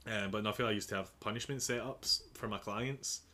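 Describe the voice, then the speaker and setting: A man's voice: on the low side, brisk. A young man from England, a personal trainer, telling gym stories in casual podcast chat, acting out the dialogue and laughing often. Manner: animated storyteller, acts out dialogue, laughs often.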